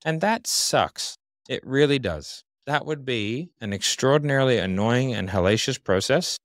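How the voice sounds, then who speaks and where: A man's voice: medium pitch, expressive, moderate pace, no room sound, studio quality. A man giving casual interview talk as a podcast guest, confident and blunt, explaining with examples.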